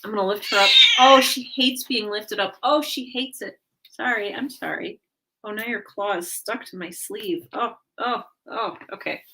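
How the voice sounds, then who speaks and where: A woman's voice: medium pitch, normal speed, bright, forceful tone, slight background noise. Chatty woman hosting a livestream. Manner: chatty, with many fillers and self-corrections. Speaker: livestream host. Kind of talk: casual chat with a live audience.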